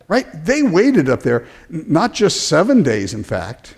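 A man preaching a sermon as pastor, animated, often restarting words and acting out the people he quotes. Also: fairly high pitch, a little slow, creaky, few pauses.

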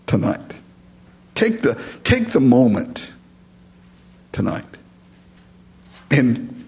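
Male pastor, unhurried and earnest, preaching with lively rises and falls in pitch, slightly muffled lo-fi sound. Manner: earnest, emphatic preaching with rhetorical questions. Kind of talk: sermon.

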